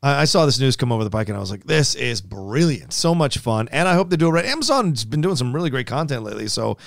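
Fast-talking joking man on a podcast. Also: mid-range voice, big pitch swings, creaky, dry recording, studio quality. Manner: quick, joking banter. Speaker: podcast panelist. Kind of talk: casual chat.

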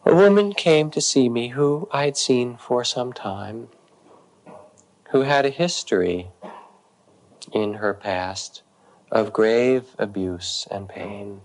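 A middle-aged man, a meditation teacher, calmly telling a story in a dharma talk with gentle, unhurried pauses. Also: mid-range voice.

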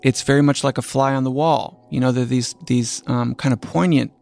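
Male expert interviewee, analytical, gravelly, mid pitch. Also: steady tone, brisk, a little mellow, soft background music.

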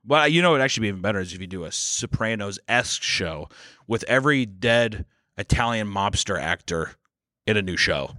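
Young Midwest-raised man, podcast co-host, bright animated voice, jokey and profane, dry studio sound. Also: fairly low pitch, a little fast, no room sound. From Kansas City, US. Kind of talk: casual podcast chat.

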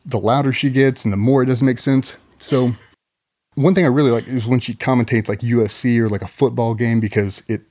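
A man's voice: mid-range voice, steady tone, a little fast, a little mellow. A man, a former Navy SEAL guest on a podcast, telling a long story in a rambling, profane, casual way.

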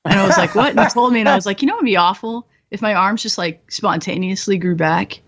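A woman's voice: mid-range voice, fast. Blunt, profane woman telling war stories. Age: 20s. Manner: blunt, profane, laughing through dark stories. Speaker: guest, former bomb disposal technician. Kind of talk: candid storytelling interview.

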